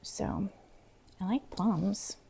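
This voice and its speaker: A middle-aged woman chatting casually to camera in her home kitchen, talking to herself and dropping into soft whispered asides. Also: medium pitch, drawn-out words, gravelly, heavy background noise. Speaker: vlogger.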